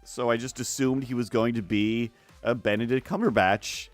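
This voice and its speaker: A man's voice: medium pitch, steady tone, normal speed, faint music behind. Rambling man on an art stream. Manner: rambling, full of fillers and restarts, jumps into silly voices. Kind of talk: casual chat while drawing.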